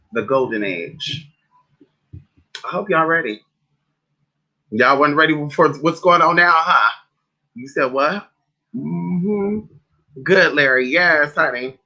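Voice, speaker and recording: A man livestreaming as a spiritual advisor, chatting casually and sassily with viewers, calling them honey and girl. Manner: animated storyteller with big pitch swings.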